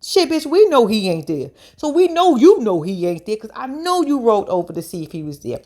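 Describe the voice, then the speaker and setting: A woman doing casual reaction commentary on a reality show, blunt and profane, telling the story excitably. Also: a little high, fairly quick. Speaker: reality TV recap vlogger.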